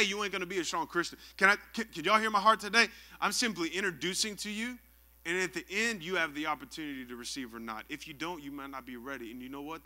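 A young man preaches to his congregation, stopping often to call for their answers. His voice sits high for a man and rings very bright and sharp. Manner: lively call-and-response preaching. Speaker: pastor. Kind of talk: sermon.

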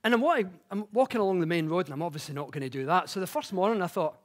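A man speaks from a conference stage with a high, light voice. He explains ideas plainly, then slips into chatty, self-mocking stories told with growing energy. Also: rapid-fire. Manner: chatty, self-mocking storytelling that grows animated. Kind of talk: public talk with personal anecdotes. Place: conference stage before an audience.

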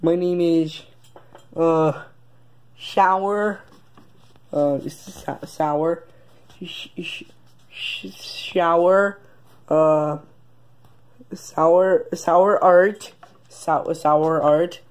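Performer doing whiny young son, homemade plush video, stammering, restarts, slow speech, middling pitch. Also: fairly even intonation. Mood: flustered. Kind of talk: amateur plush toy video acting.

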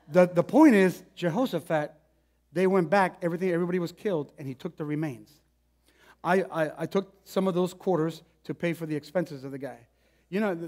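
A male pastor preaching a sermon, telling a personal story in an animated, conversational way with frequent restarts. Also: fairly high pitch.

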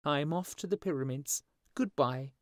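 A man voicing a small, restless male swallow in a high, chirpy voice. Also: sing-song, moderate pace, darkish tone, no echo, studio quality. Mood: huffy.

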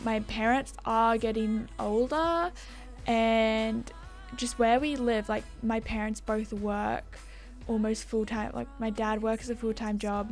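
A young Australian woman chatting casually as a gaming YouTuber, rambling and self-deprecating as she answers viewer comments. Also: fairly high pitch.

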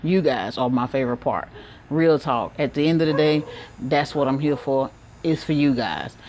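Low-voiced woman vlogging from her porch. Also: darkish tone, slight background noise. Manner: candid, heartfelt, chatty with Southern slang. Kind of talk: casual vlog talk to camera. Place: outdoors on a back porch.

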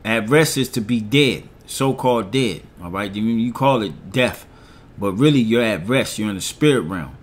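A middle-aged man, preaching and reading scripture slowly, often asking "all right?" after each point. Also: lowish voice, animated. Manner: reads verses slowly, asks "all right?" after nearly every point.

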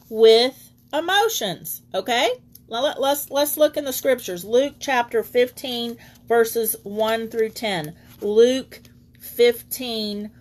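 A woman leading an online Bible teaching as preacher, reading scripture aloud and greeting viewers by name. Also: fairly high pitch.

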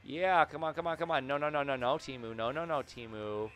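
A man giving casual, excitable commentary over his own gameplay, muttering to himself, then yelling when things happen. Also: fairly quick. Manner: excitable, swings between low muttering and sudden yells; talks to the game and himself, repeats phrases. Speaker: gaming video creator.

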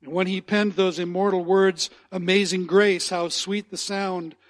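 Male pastor, high-pitched, earnest sermon delivery that repeats key lines for weight. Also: little pitch movement, measured pace. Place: church sanctuary.

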